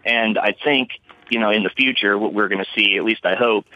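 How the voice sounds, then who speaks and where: A man's voice: fairly low pitch, steady tone, brisk. A man calling in to a radio show, sharing a hopeful, rambling opinion in a friendly way. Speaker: radio caller. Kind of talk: call-in comment. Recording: dull, dry call-in audio.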